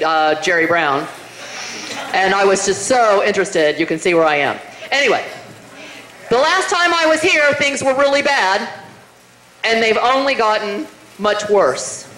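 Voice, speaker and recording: A woman's voice: medium pitch, a bit bright. A middle-aged woman giving a rousing, emphatic political rally speech in a meeting room, firing rhetorical questions at the crowd. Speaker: political speaker. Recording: roomy hall, faint noise.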